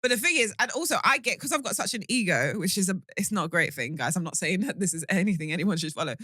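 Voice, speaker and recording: Young woman podcast co-host, quick and self-mocking, bright sharp voice, dry close mic. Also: mid-range voice, husky, no room sound. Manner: fast, expressive, laughs a lot, self-mocking. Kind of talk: casual chat.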